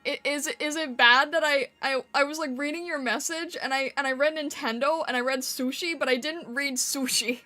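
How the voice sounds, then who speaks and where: A woman streamer chats with her viewers in a high, bright voice. She giggles a lot and squeaks when she laughs or yells. Faint music plays behind her. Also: moderate pace, few pauses. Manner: giggly, chatty, reading chat aloud. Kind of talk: casual live-stream chat.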